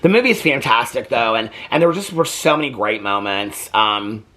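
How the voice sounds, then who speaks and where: A man's voice: mid-range voice, lively intonation, normal speed, sharp tone. A man in his fifties hosting a casual movie review vlog, talking in a chatty, rambling and heartfelt way. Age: 50s. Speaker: host.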